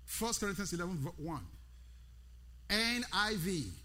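A man preaching a sermon in a large church hall with a long reverb trailing each phrase. His voice sits very high and bright, moving slowly and emphatically. He repeats key words like a chant and calls out to his listeners. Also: lively intonation. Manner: calls out to the congregation by name.

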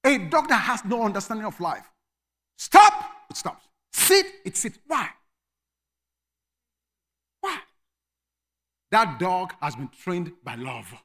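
Male pastor, sermon delivery, bright tense tone, emphatic swings to shouts. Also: sits high, big pitch swings, moderate pace, hardly any pauses. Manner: emphatic, swings from quiet asides to shouted commands.

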